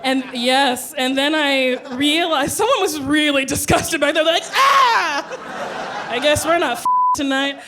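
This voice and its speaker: A woman comedian telling a stand-up story with animated, loud acted-out quotes. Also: high voice, moderate pace, background noise.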